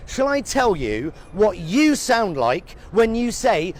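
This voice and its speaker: A man's voice: high-pitched, big pitch swings, measured pace, hardly any pauses. A middle-aged British man ranting sarcastically as a satirical news reporter, swearing freely and sounding exasperated, outdoors at a street protest. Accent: British English. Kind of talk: scripted satirical rant to camera.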